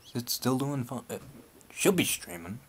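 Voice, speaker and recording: A man's voice: mid-range voice, sing-song, normal speed, a little hiss or hum. A man from Liverpool with a Scouse accent, hosting a live-stream Q&A and speaking in a nervous, hesitant, unscripted way. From Liverpool, England. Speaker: YouTube channel host.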